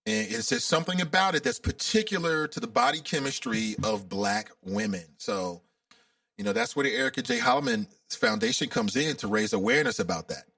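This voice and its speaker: A man's voice: a little high, big pitch swings, brisk, gravelly, pushed and bright, no echo, clean studio sound, recorded from a distance. A man from Cincinnati hosting a casual call-in radio talk show, chatty and openly emotional. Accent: Cincinnati, Ohio.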